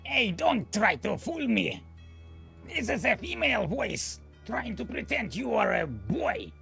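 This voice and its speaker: A gravelly, heavily creaky cave-dwelling woman, as a player puts her on, wary and gruff as she guards her work. Her pitch swings widely from word to word, with soft music underneath. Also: sing-song, unhurried, exaggerated voice. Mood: suspicious. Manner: gruff, distrustful, defensive.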